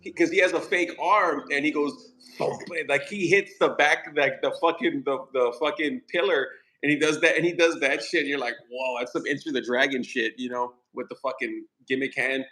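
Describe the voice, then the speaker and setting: A man's voice: on the high side, moderate pace, hardly any pauses, sharp tone. A man hosting a podcast, chatting casually about a movie in a rambling, profane way. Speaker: podcast host.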